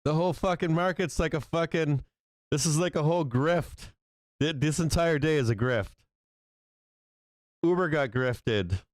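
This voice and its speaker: A man's voice: on the high side, unhurried, pauses often, no room sound. A man hosting a live stock market stream, swearing a lot and reacting with disbelief and frequent laughter. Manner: profane, incredulous, laughing often. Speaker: stock market livestream host.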